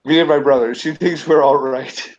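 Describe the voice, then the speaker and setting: A man's voice: fairly high pitch, fairly even intonation, moderate pace. A man co-hosting a casual online show, getting over a cold, talking in a rambling, candid way and swearing freely. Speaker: co-host. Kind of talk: casual chat. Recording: dull lo-fi home mic with faint noise.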